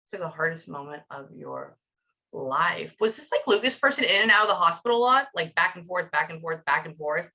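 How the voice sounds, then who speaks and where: A woman's voice: fairly low pitch, lively intonation, fairly quick, pushed and bright, low-quality recording. A woman giving a medium reading to clients, talking in a rambling, emotional way with lots of fillers. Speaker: psychic medium.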